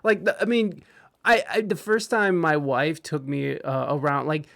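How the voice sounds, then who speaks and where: A man's voice: on the high side, fairly even intonation, measured pace, vocal fry, fairly bright tone. A man in casual chat, telling a rambling, profane story full of restarts and laughter.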